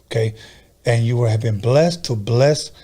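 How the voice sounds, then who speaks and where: A man's voice: medium pitch, a little slow, warm tone, slightly rough. A man hosting a podcast who gives an emphatic, preachy pep talk, repeating his key phrases. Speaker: podcast host. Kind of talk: casual interview, encouraging talk.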